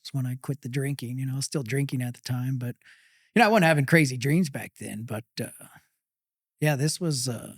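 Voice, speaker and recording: A middle-aged man from Texas, a pit master guest, telling a personal story in an interview, halting and full of pauses and fillers. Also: mid-range voice, no echo, studio quality.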